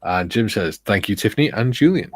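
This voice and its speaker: A man hosting a casual livestream chat who reads viewer comments aloud in a relaxed way. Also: lowish voice, brisk, slightly rough. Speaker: stream host.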